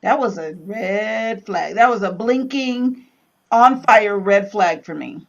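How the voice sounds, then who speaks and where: Animated woman telling stories in a chat. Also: mid-range voice, slow, vocal fry, highs cut off. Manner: animated storyteller, acts out quotes in voices. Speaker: Bible study co-host. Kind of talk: casual chat.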